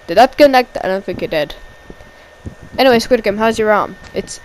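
A woman giving excited amateur play-by-play wrestling commentary, repeating each call and shouting at the big moves. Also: medium pitch, normal speed, rough recording.

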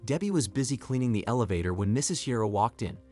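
A man narrates a storytime video in an even, clear delivery, his pitch moving up and down with life. Faint music runs underneath the whole read. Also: fast.

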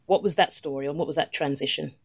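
A woman's voice: sits low, fast talker, slightly rough. Woman hosting a podcast, chatty n playful, trips over her words a bit. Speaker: podcast host. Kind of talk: casual interview chat.

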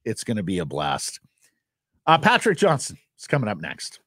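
A man from Ontario co-hosting a sports radio show, chatting briskly and telling wry stories. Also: on the low side, wildly swooping pitch, fairly bright tone, breathy edge, dry recording. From Ontario, Canada. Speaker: radio co-host.

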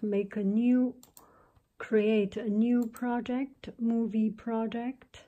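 A woman giving a soft-spoken ASMR tech tutorial at her home desk, talking haltingly and drifting into whispers, close on a handheld mic. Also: mid-range voice. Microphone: close handheld mic with pop cover.

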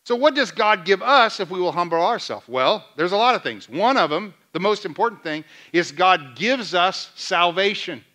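A man preaching a sermon as pastor, asking the congregation questions and retelling scenes in lively dialogue. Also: sits high, normal speed, few pauses. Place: church sanctuary.

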